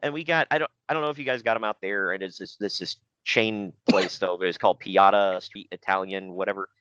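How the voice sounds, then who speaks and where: Speaking fairly quickly in a low, slightly bright, clear and resonant voice, a podcast host chats casually. He tells rambling stories about friends, laughs a lot, and imitates them. The audio is dry and muffled.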